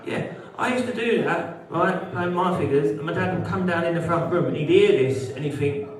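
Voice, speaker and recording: A man's voice: fairly high pitch, moderate pace. Brash, sweary British stand-up man. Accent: British English. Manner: brash, sweary, banters with the audience. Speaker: stand-up comedian. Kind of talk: live stand-up routine with crowd work. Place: social club comedy venue. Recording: roomy hall, heard from a distance. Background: audience laughter.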